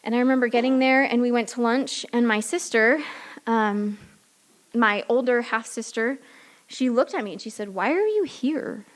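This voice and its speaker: A woman's voice: a little high, steady tone, normal speed. A woman from San Diego speaking at a recovery meeting. She talks candidly and loosely, and often laughs at herself. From San Diego, California. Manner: loose and chatty, many fillers. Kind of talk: personal recovery talk.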